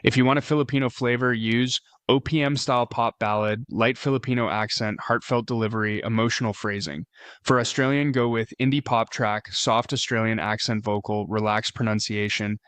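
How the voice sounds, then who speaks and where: A man giving a scripted tutorial voice-over, explaining steps in a steady, explicit way. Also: medium pitch, brisk, no room sound. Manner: steady, explicit step-by-step instruction. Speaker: tutorial narrator.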